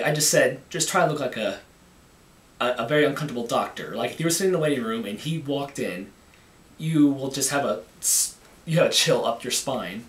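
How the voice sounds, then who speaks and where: A man casually talking about making his own film, halting and often repeating words as he restarts. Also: mid-range voice, a bit bright. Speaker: amateur filmmaker. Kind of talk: casual behind-the-scenes talk. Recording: echoey room, mic at a distance.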